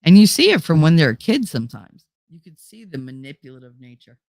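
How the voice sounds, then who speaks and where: A woman's voice: sits low, sing-song, fairly quick, darkish tone, no room sound. A woman hosting a casual live chat, talking bluntly with plenty of swearing, answering viewers and acting out the people she describes. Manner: blunt and profane, acts out quoted people. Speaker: livestream host.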